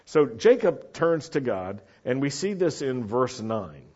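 A man preaching a sermon to a congregation, speaking in an animated way and sometimes rising to shouts for emphasis. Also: mid-range voice, a little slow, slightly rough. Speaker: pastor. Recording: dull, lo-fi sermon recording.

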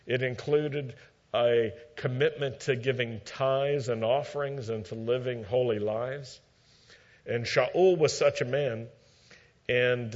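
A man delivering a sermon at an unhurried, deliberate pace. He teaches steadily and leans into quoted lines for emphasis. The recording sounds dull and a little lo-fi. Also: medium pitch, darkish tone. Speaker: preacher.

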